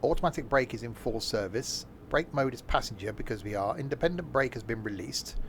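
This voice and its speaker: Hoarse man rambling through a game stream. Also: mid-range voice, expressive, brisk, slight background noise. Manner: chatty, rambling, lots of fillers and self-corrections. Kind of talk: casual live-stream commentary.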